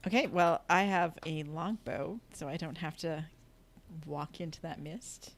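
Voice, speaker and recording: Easygoing woman player, low voice. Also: a little slow. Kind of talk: casual tabletop game talk.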